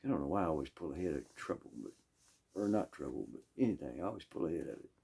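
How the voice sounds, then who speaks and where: A man with a Southern US accent telling a rambling, folksy story full of asides and throat-clearing. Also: very deep voice, lively intonation, quick pace, dark tone. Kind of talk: casual storytelling.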